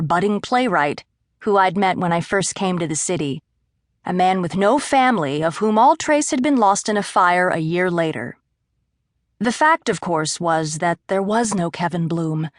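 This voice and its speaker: A woman narrating a first-person thriller audiobook in a measured, wry, confiding way. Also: lowish voice, no room sound. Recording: dry close studio mic.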